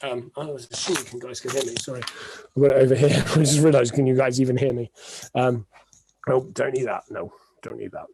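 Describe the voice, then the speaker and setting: A man's voice: mid-range voice, fairly even intonation, a little fast, creaky, a little mellow, husky. A man hosting his own weekly live stream from home, chatting unscripted and rambling with plenty of ums and restarts. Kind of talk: unscripted casual monologue.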